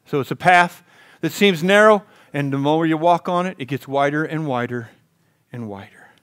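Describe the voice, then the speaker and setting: Middle-aged pastor guy preaching, higher voice, goes quiet then booming. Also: moderate pace. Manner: impassioned, swings from hushed to loud. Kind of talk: sermon. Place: church sanctuary.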